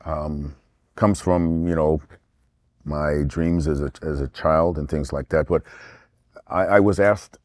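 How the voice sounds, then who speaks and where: A middle-aged actor from England, speaking as an interview guest in a rambling, animated way with many restarts. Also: male voice, extremely low pitch, slow, long pauses, no echo, clean studio sound. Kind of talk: casual interview talk.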